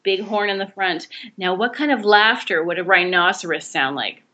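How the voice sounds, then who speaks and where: A woman's voice: mid-range voice, normal speed, sharp tone. A woman leading a laughter yoga exercise, encouraging and explaining each step.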